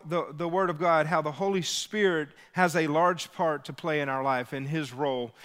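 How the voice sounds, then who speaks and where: Energetic pastor, high bright voice. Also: male voice, in a large hall. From Louisiana, US. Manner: energetic, rallies the congregation. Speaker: lead pastor. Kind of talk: sermon with storytelling. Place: church.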